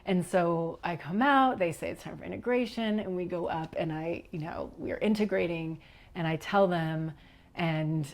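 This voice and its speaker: A middle-aged woman with a low, gravelly voice shares a personal story as a podcast guest. She tells it in an animated way, acts out what others said, and sometimes drops into a whisper. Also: moderate pace.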